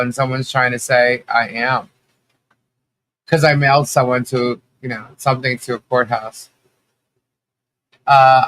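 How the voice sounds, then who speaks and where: A man's voice: medium pitch, fairly bright tone. A man hosting a casual livestream chat, greeting viewers by name, a little nasal from allergies and chatty with frequent laughs. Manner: chatty, laughs often, many fillers and restarts. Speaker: livestream host.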